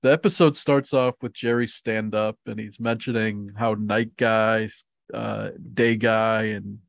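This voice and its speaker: Relaxed, gravelly podcast guy. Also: fairly low pitch, unhurried, no room sound. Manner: easygoing, filler-heavy. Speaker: podcast co-host. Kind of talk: casual chat.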